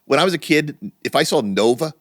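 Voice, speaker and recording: A middle-aged man co-hosting a casual podcast, telling stories with lively energy and free swearing. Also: on the high side, brisk, dry recording, clean studio sound. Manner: animated storytelling, swearing freely. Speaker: podcast co-host. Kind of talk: casual chat.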